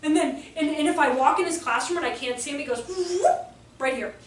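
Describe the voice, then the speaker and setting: A woman educator telling classroom stories to an audience, animated and acting out children's voices. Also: sits high, fast. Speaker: educator giving a talk. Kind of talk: storytelling presentation to an audience. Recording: echoey room, far from the mic, faint noise.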